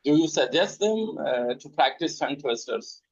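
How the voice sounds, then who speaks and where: A man interviewing an accent coach, asking measured questions. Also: a little high, animated, vocal fry, husky, no room sound, muffled recording.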